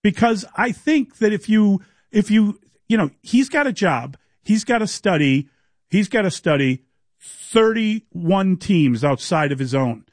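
Blunt high-voiced sports radio man. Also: expressive, measured pace, dry recording. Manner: blunt, skeptical, pushes back. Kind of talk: argumentative sports talk radio.

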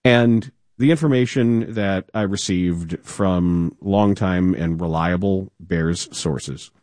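A man hosting sports talk radio, telling stories in a lively voice and slipping into quick impressions. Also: low-pitched, dry recording. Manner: animated storytelling, does quick voices. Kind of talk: casual talk radio monologue. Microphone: studio mic.

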